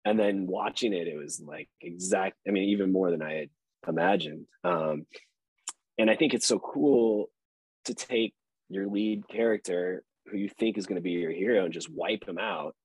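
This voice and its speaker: A man's voice: sits low, normal speed, a little mellow, breathy edge, dry recording, poor audio. A man, an actor guest on a podcast, talking in a loose, rambling way with fillers and laughs. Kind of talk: casual interview chat.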